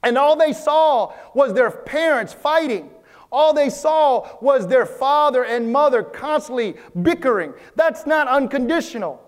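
Male pastor, very high voice, earnest sermon delivery in a reverberant hall. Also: lively intonation. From Vietnam. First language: Vietnamese. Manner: earnest, repeats phrases, slows for emphasis.

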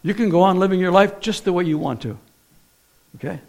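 A man's voice: sits high, brisk, vocal fry. A man preaching a sermon in a conversational way, often asking the congregation questions.

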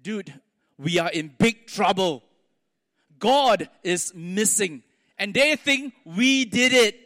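A frightened little boy of eight , as a male preacher acts him out, spilling out the news slowly and loudly with rising urgency. His voice sits high and rings through a hall with a long echo. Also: animated, exaggerated voice. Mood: alarmed. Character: panicked young boy, eight years old.

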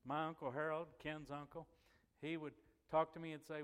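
A man's voice: on the high side, brisk, big-room sound. A middle-aged man telling a chatty church story, acting out what people said and laughing as he goes. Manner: chatty and animated, acts out quoted voices and laughs as he goes. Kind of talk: folksy anecdotal storytelling.

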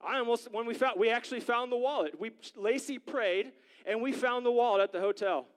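A man's voice: extremely high pitch, fairly quick. A young man preaching a sermon in a church, telling a family story in a conversational way and building to fervent exhortation. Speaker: pastor. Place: church sanctuary.

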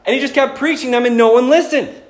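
A male pastor delivers a sermon in a high, bright speaking voice. He talks to the congregation in a casual, conversational way and slips in jokes as he goes. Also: quick pace. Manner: animated, conversational, joking.

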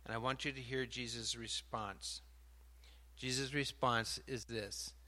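A man preaching a sermon, animated and building to emphatic outbursts, stopping now and then to sort out his slides. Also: medium pitch. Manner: pauses mid-talk to sort out slides.

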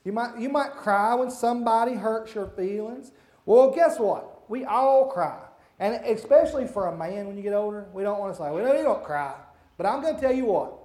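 A man giving a children's sermon, asking the kids simple questions and hushing them as he goes. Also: high-pitched. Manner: hushes and redirects children mid-talk. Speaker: children's church leader.

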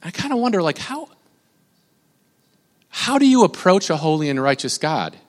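A young man with a high voice preaches a casual sermon in an animated, rambling way, often restarting and interrupting himself. His voice rings out with a long reverb, as if he is in a large hall. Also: moderate pace. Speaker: pastor.

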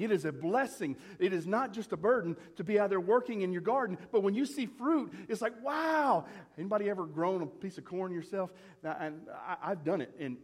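A man's voice: sits high, slightly rough, in a large hall. A man preaching a sermon as pastor, talking to his congregation in a conversational way with rhetorical questions. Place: church.

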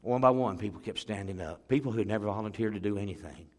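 Speaking fast in a fairly low, slightly mellow voice, a middle-aged male pastor tells a story from the pulpit. His sermon is earnest and emotional, and he voices the words of the other people in it.

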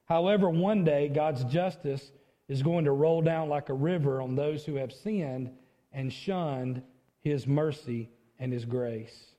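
A male pastor preaching a sermon, with emphatic delivery and sudden high outcries as he acts out a plea. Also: measured pace, mellow, in a large hall.

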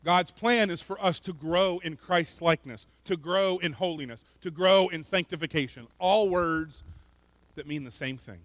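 A man preaching a sermon in an earnest way, often repeating words and swinging between loud emphasis and quiet asides. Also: on the high side, moderate pace, no echo. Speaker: pastor.

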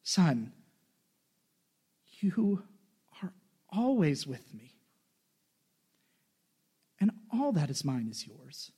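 A man reading aloud as a forgiving father, emphatic and loud. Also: on the high side, very animated, extremely slow, long pauses, breathy edge, voice pushed down, heavily acted. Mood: tender. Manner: emphatic, raised voice.

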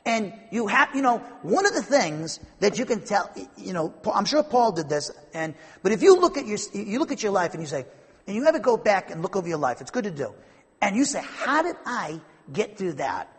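A man's voice: high voice, sing-song, brisk, breathy edge, long reverb tail. A man preaching a conversational Bible-teaching sermon, rambling and repeating himself, then building to emphatic fervor.

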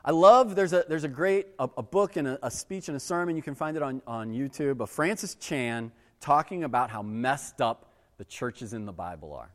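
A man giving a casual, conversational sermon as a pastor, animated and acting out exasperated voices. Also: medium pitch, normal speed, long reverb tail.

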